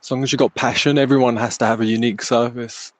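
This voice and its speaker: A young male podcast host with a mid-pitched voice, recorded close and dry. He asks long, meandering questions, filling them with "like" and restarting often, in an easy, friendly tone. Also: steady tone, fast talker, no echo. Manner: rambling, hesitant questions full of "like". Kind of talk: casual interview.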